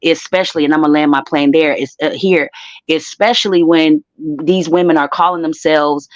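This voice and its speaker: A woman's voice: low-pitched, steady tone, normal speed, dry recording. A woman on a live stream panel, giving blunt, opinionated views in a casual way. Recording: dull lo-fi call audio.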